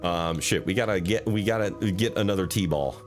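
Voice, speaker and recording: A man's voice: deep voice, moderate pace, soft background music. A young adult man streaming a game, ranting in casual, profane commentary.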